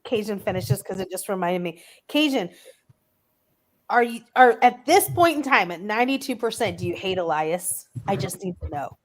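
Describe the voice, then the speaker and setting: A woman's voice: mid-range voice, lively intonation, normal speed. A woman co-hosting a reading livestream, talking casually and chattily with plenty of fillers. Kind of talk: casual chat.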